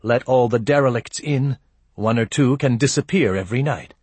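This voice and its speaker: A man voicing a cold, scheming young barmaid, in a husky voice. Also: medium pitch, moderate pace, darkish tone, no room sound, natural voice.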